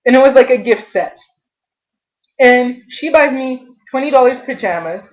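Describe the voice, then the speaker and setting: A young adult woman venting in a personal vlog, frustrated and halting, often restarting her sentences. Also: sits high, animated. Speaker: vlogger. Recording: dull lo-fi webcam audio.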